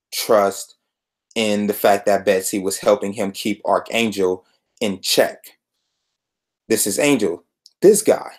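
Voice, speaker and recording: A man's voice: lowish voice, a little mellow. A young man hosting a solo podcast, reviewing comic books in an exasperated, sarcastic rant.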